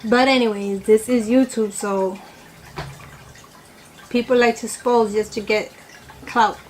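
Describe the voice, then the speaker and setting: A woman with a somewhat high voice gives her opinions in a loose, rambling chat while eating on camera. She keeps filling gaps with "you know" and correcting herself mid-sentence. A faint hiss sits behind her. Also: fairly even intonation, unhurried, darkish tone, rough recording. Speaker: vlogger.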